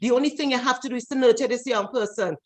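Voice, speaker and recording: A woman's voice: fairly high pitch, quick pace. A woman, speaking in a church forum over a video call in an emphatic, repetitive, preachy way. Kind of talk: impassioned forum speech.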